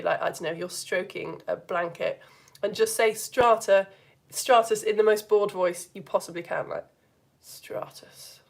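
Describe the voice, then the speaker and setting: A woman with a Yorkshire accent teaching a live science lesson for all ages, lively and playful, slipping into silly voices for the actions. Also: medium pitch. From Yorkshire, England.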